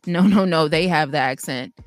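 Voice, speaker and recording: Young Chicago-accented woman co-host, lowish voice, playful and emphatic. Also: normal speed, faint music behind. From Chicago, USA. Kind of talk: casual chat.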